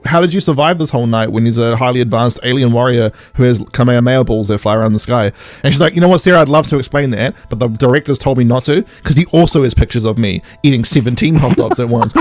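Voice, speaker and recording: A man's voice: medium pitch, quick pace, few pauses, a little mellow, no room sound. A man co-hosting a podcast, recapping an episode in a jokey way and acting out characters in silly voices. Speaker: podcast co-host. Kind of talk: casual chat recapping an episode.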